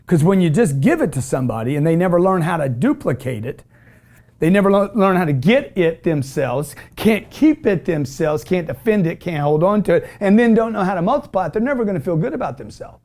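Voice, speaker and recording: A middle-aged man hosts a motivational call-in show, preaching about money in a brash, emphatic, repetitive way. His voice is high-pitched and a little mellow, with lively intonation and a brisk pace.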